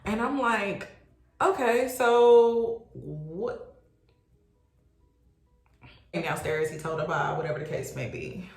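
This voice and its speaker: A young adult woman telling a casual storytime, animated and exclaiming, swearing freely. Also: low voice, brisk, few pauses, soft background music. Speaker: vlogger. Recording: roomy echo.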